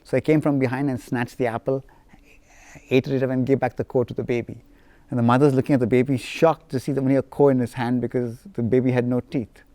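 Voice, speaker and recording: Mellow-voiced man telling playful stories. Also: medium pitch, quick pace, dry recording. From India. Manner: animated, playful, anecdotal. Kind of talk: personal storytelling.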